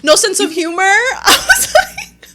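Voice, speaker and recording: A woman's voice: extremely high pitch, big pitch swings, unhurried, heavy background noise. A young woman hosting a podcast, chatting casually, full of "like" and laughs. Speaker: podcast host. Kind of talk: casual chat.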